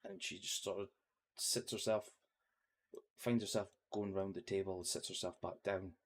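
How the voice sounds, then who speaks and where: A young man narrating a tabletop game as game master, halting with frequent fillers. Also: low-pitched, fairly even intonation.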